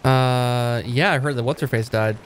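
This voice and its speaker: A man's voice: medium pitch, fairly even intonation, moderate pace, slight background noise. A man co-hosting a let's play, chatting casually with dry jokes. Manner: dry, joking. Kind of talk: casual gaming chat.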